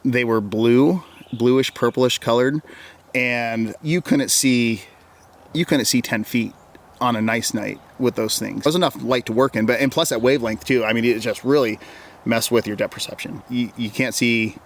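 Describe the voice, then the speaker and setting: There's slight background noise behind this medium-pitched male voice, which moves at a normal speed. The speaker, a wilderness guide from Oregon, is an interview guest casually spinning a long tale of an encounter. He rambles, repeats words, and quotes himself with "I'm like."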